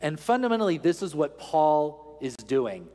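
A man's voice: on the high side, very animated, moderate pace, mellow. Preaching man in a reverberant church. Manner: earnest, teaching tone with rhetorical questions. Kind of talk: sermon. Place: large church sanctuary.

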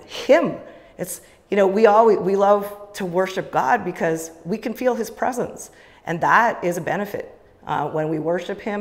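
Enthusiastic woman in a reverberant church. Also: on the low side. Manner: enthusiastic, with many fillers. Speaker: church leader giving the offering talk. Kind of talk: casual church talk to a congregation. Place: church sanctuary. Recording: long church hall reverb.

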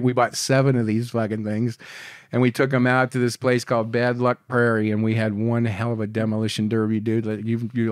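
Older man, foul-mouthed storyteller, mid-pitched voice, dry close sound. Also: no echo. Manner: profane, rambling, animated storyteller. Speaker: podcast guest. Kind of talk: casual storytelling interview.

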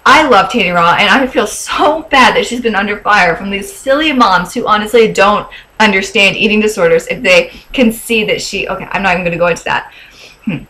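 A woman's voice: medium pitch, fairly quick, bright, forceful tone, rough recording. A young woman vlogger in casual chat, gushing and chatty, with fillers and little laughs.

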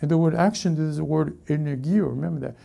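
A man preaching a sermon as pastor to a congregation in church, halting and often correcting himself mid-sentence. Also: a little high, creaky, mellow. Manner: halting, self-correcting preaching with many restarts. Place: church service before a congregation.

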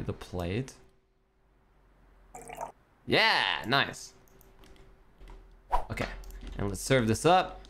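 A man's voice: medium pitch, a bit bright, slight background noise. A young man streaming a cooking game, talking to himself in a frantic, swearing rush and breaking into panicky outbursts. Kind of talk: gameplay commentary.

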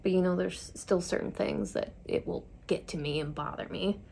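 A young woman tells a personal story while getting ready. Her voice has a gravelly fry to it, and she talks in a chatty, confiding way, often poking fun at herself. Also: on the low side, moderate pace, a little mellow. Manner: chatty, confiding, self-deprecating. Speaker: vlogger.

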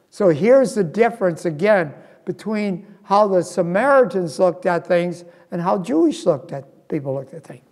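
A male pastor preaching slowly and earnestly, his fairly high voice carried by a long church reverb. He leans on rhetorical questions to draw the congregation in. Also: a little mellow. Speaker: guest pastor. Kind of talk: sermon. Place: church sanctuary.

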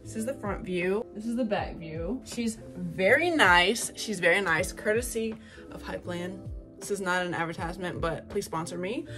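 A young woman hosting an excited unboxing vlog, gushing and swearing freely, squealing when excited. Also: medium pitch, normal speed, over music. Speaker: vlogger.

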